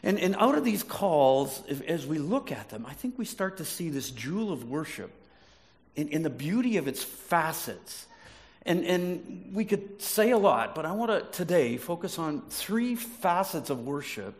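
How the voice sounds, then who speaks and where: Gravelly-voiced male pastor preaching. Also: a little high, big pitch swings, measured pace. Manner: storytelling, restarts words, asks the audience questions. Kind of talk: sermon.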